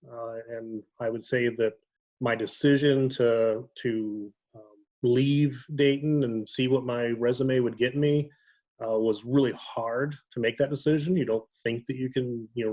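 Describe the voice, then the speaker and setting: A man with an Ohio accent telling relaxed stories as a guest in casual chat, often pausing with ums and correcting himself. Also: medium pitch, highs cut off. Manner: relaxed storytelling with frequent ums and self-corrections. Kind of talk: casual video-call chat.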